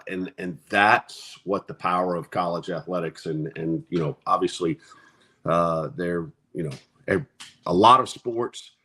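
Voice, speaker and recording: A man's voice: low voice, sharp tone. A man, an athletic director, talking in an upbeat, speechmaking way on a sports show. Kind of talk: casual sports talk.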